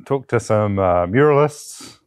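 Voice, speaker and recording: A man's voice: on the low side, expressive, measured pace, darkish tone, clear, resonant tone, no echo, clean studio sound. A man co-hosting a casual podcast, playful, laughing often and chiming in with short remarks. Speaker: podcast co-host.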